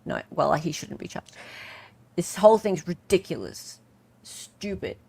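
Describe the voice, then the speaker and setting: Animated Australian woman hosting a live chat. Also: on the low side, moderate pace, gravelly, slightly rough. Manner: chatty, animated, reads chat aloud with laughs. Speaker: livestream host.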